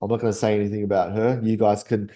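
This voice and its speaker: Male memory coach. Relaxed, mellow tone. Talks casually and keeps checking in with listeners. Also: fairly low pitch, quick pace. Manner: chatty, keeps asking "right?", laughs often. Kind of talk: casual teaching talk.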